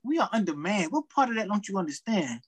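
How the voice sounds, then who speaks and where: A pushy, impatient shopper snaps in a thin, strained, husky voice pitched far above a normal man's, as a man mocks him in a retelling. The tone is demanding and entitled, a jeering caricature rather than a real person. It sounds like a quick impression tossed into a casual chat. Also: very animated, heavily acted. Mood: indignant. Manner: shrill mocking impression. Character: rude impatient male store customer.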